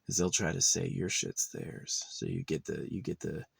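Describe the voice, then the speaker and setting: A man's voice: low voice, fairly even intonation, moderate pace, no echo. A man rambling profanely in a casual monologue, now and then dropping to a near-whisper, recorded outdoors at his camp spot. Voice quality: gravelly and husky. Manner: drops to a near-whisper at times.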